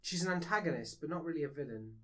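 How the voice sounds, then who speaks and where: Animated man chatting about games. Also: on the high side, fast talker, slight background noise. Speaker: podcast co-host. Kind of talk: casual chat.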